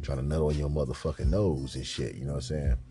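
A man hosting a podcast, telling a crude comic story in a loud, profane, repetitive way. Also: extremely low pitch, steady tone, fast talker, soft background music. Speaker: podcast host.

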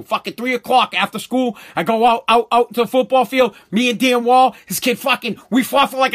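A man's voice: very high-pitched, normal speed, a bit bright. A middle-aged man, hosting a show and telling a profane story bluntly, with many restarts. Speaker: show host.

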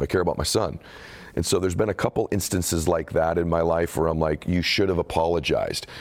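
Deep-voiced man telling an earnest story. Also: darkish tone. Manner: earnest, emotional, reflective. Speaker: author being interviewed. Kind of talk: candid conversational storytelling.

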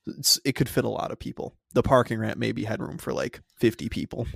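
A man's voice: medium pitch, steady tone, brisk, vocal fry, breathy edge, no echo. A young man, co-hosting a podcast and telling an exasperated, sweary story with laughs. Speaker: podcast co-host. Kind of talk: casual storytelling chat.

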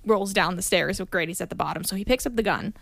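A woman's voice: mid-range voice, quick pace, gravelly, dry recording. A woman co-hosting a podcast, casually recapping a movie from her scribbled notes. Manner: relaxed, reading from scribbled notes. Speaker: podcast co-host.

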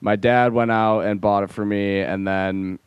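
Smooth low-voiced young man chatting. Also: unhurried, no room sound, dull audio. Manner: relaxed, rambling with fillers. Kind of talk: casual chat.

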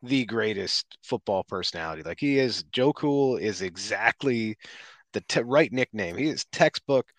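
A man's voice: on the low side, lively intonation, normal speed, no room sound. A man in casual podcast chat, giving emphatic, opinionated takes. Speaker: podcast co-host.

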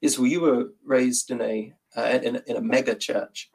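A British man with a gravelly, husky voice joins a casual chat as a guest. He speaks in a dry, measured way. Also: medium pitch, fairly even intonation, darkish tone, low-quality recording. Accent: British English. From Britain.

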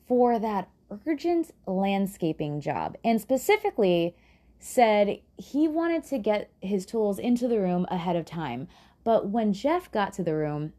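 Chatty, swearing woman with a lively, mellow voice. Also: medium pitch. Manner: chatty, swears, sarcastic asides. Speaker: true crime podcast host. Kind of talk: casual true crime storytelling.

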